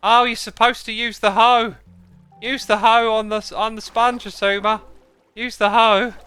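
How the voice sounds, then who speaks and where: A man voicing a squeaky, excitable teenage boy gamer who shrilly scolds and panics. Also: normal speed, clear, resonant tone, soft background music. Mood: shrill scolding.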